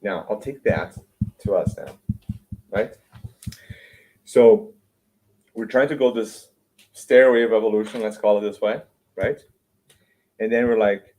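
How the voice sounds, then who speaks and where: A man giving a relaxed spiritual lecture to a gathering. His talk is loose and conversational, full of tag questions and repeated words. Now and then he slips into playful, whiny voices to make a point. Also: on the low side, measured pace, long pauses, low-quality recording. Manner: conversational, keeps asking "right?"; repeats words and restarts often. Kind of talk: informal public lecture. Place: lecture room.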